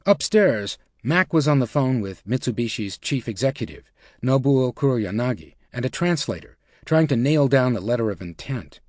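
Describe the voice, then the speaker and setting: A man narrating a nonfiction audiobook in an even, measured reading style. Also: mid-range voice, no room sound, studio quality. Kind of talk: scripted narration.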